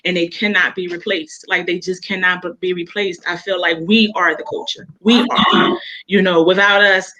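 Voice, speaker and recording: A woman's voice: lowish voice, steady tone, normal speed, dull audio, very noisy. A woman author talking casually as an interview guest, telling emotional personal stories with many fillers and restarts.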